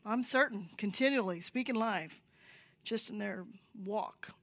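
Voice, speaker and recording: A woman's voice: mid-range voice, unhurried, fairly bright tone. A woman giving a sermon-style talk in church, telling stories and sometimes dropping to a whisper for emphasis. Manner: storytelling, drops to a whisper for emphasis. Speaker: church speaker. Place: church sanctuary.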